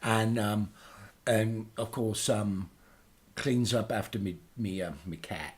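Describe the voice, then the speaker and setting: Man doing an aging Liverpool punk rocker, rambling radio host, hesitant with lots of fillers, now and then breaking into loud rants. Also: fairly low pitch, steady tone, takes it slowly. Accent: Liverpool English. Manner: bursts into loud ranting. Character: boastful aging male British punk singer. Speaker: guest radio host playing records. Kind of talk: comic radio character chat.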